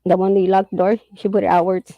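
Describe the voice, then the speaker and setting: A woman's voice: mid-range voice, little pitch movement, fast, dry recording, lo-fi sound. A middle-aged woman chatting candidly and casually, swearing and laughing often as she talks. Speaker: host. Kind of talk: casual chat.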